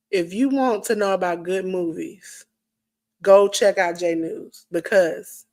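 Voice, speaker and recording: A woman co-host closes out a live-streamed podcast with playful hype, jumping between loud bursts and quiet asides. Her voice is going hoarse from the show. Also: medium pitch, fairly even intonation, a little slow. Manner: hyped, playful, swings from loud to soft. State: losing her voice.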